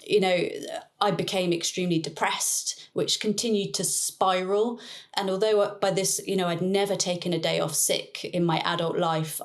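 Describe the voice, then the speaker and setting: A woman guest with a somewhat low voice, talking through her personal story in an earnest, reflective way. She laughs softly now and then while she speaks. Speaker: interview guest, neuroplasticity coach. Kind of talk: personal story in a podcast interview.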